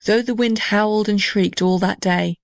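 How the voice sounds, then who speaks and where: A woman reading a children's storybook aloud in a gentle, measured way. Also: mid-range voice, steady tone, vocal fry, no echo, clean studio sound. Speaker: narrator.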